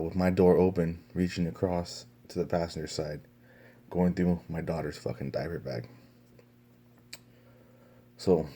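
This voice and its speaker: A young male vlogger tells a story to his camera in a casual, profane style, full of fillers and restarts. His voice is low and mellow.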